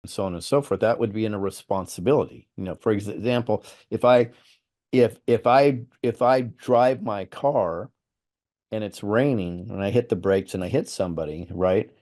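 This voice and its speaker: A man's voice: on the low side, normal speed, darkish tone. A man hosting an interview, explaining his views earnestly with examples and often repeating words. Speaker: host. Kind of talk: interview conversation.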